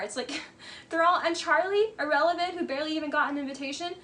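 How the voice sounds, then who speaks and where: A woman's voice: sits high, quick pace, a bit bright. A woman giving casual, blunt commentary on a reality show, full of "like" and "you know". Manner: chatty, blunt, says "like" a lot.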